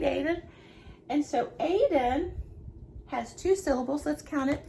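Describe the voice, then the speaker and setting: A woman teaches young children in a remote lesson from home, her voice high with a gravelly edge. She speaks slowly and cheerfully, the way a preschool teacher talks to little ones. A faint hiss sits under her voice. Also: a little mellow. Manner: slow, cheerful, talking to children.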